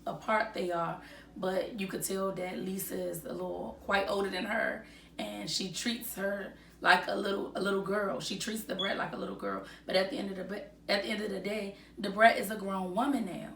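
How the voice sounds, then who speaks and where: Gravelly chatty woman in an echoey room. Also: mid-range voice, steady tone, moderate pace, fairly bright tone, distant mic, a little hiss or hum. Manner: chatty, many fillers, retells quotes. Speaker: celebrity gossip commentator. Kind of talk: casual commentary.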